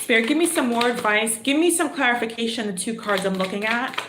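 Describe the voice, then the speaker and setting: A woman's voice: fairly high pitch, lively intonation, fast talker, roomy sound, background noise. A woman giving a live tarot reading, chatty and exclamatory, thinking aloud as she draws cards. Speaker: tarot reader.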